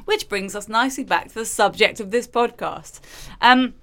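A woman's voice: on the high side, normal speed, crowd noise. Dry, teasing woman podcast co-host. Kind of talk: casual chat.

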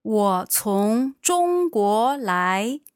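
A woman teaching a language lesson, patiently giving short confirmations and modeling phrases slowly. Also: medium pitch, sing-song, dry recording, clean studio sound.

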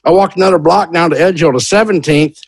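A man telling his own story in a casual, animated way, often restarting his sentences. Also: on the high side, fast, husky, dry recording. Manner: animated, many restarts and repeats "literally".

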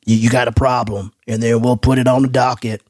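A man's voice: medium pitch, level tone, a little fast, darkish tone, dry recording, studio quality, voice pushed down, close to an everyday voice. A man putting on a folksy Southern official.

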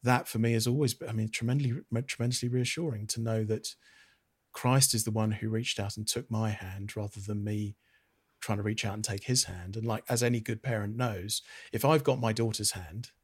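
A British man in middle age speaks earnestly in an interview, pausing and restarting as he reflects. His voice sits low and carries a husky edge. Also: steady tone. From Britain. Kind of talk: interview answer on theology.

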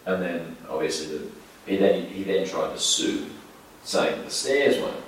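A man's voice: low-pitched, animated, normal speed. A man with an Australian accent, a podcast guest telling blunt, laid-back stories in casual chat and swearing freely. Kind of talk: casual storytelling. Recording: echoey room, distant mic, noisy.

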